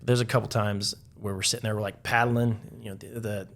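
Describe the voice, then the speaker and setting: A man's voice: lowish voice, little pitch movement, brisk, a bit bright. A man, a podcast guest, casually telling rambling stories, full of "like" and restarts. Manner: rambling, heavy use of "like". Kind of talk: casual storytelling.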